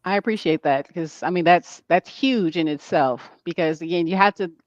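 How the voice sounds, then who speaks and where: A woman's voice: fairly low pitch, normal speed, no echo, highs cut off. A woman hosting a casual interview, encouraging and affirming her guest as she asks questions. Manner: encouraging, frequent affirming fillers. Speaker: interview host.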